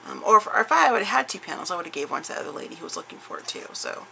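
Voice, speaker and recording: This craft vlogger talks very fast in a lowish, creaky voice that sounds pushed and bright, with huge swings in pitch. Her voice is scratchy as she casually shows her craft haul to the camera at home, rambling through plenty of fillers and restarts.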